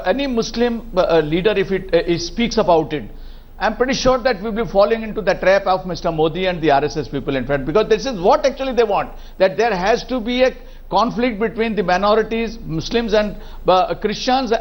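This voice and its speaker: A man speaking as a panel guest on a televised debate, halting with many restarts and a repeated "in fact". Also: high voice, lively intonation. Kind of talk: arguing a point on a televised panel.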